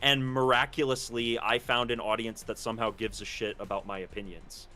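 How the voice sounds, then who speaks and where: Bright-voiced man rambling on a podcast. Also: on the low side, fairly quick. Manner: rambling, self-deprecating, repeats words when starting a thought. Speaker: podcast co-host, gaming content creator. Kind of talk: casual podcast chat.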